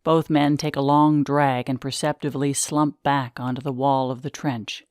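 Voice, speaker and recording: A woman narrating the stage directions of a script reading in a measured way. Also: rumbling low, flat delivery, darkish tone, no room sound, studio quality.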